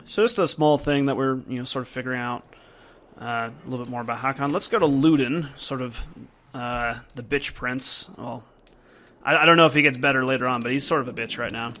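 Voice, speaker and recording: A man's voice: medium pitch, a little fast, bright, forceful tone. A young man giving casual, rambling commentary while playing a video game and reading its dialogue aloud. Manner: casual and rambling, with many fillers. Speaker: game reviewer.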